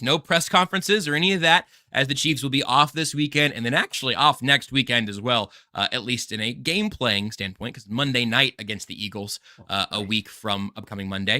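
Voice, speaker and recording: A man hosting a sports podcast with a very bright, forward voice. He rambles from one thing to the next, joking and poking fun at himself. He is recorded close and dry, with no room sound. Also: medium pitch, dry recording. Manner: rambling, joking, self-deprecating. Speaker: podcast host. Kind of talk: casual sports podcast chat.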